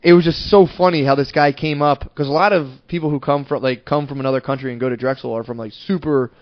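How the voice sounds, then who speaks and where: A man co-hosting a podcast, telling stories in an animated, profane way and laughing often. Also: fairly high pitch, quick pace, no room sound, lo-fi sound. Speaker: podcast co-host. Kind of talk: casual storytelling chat.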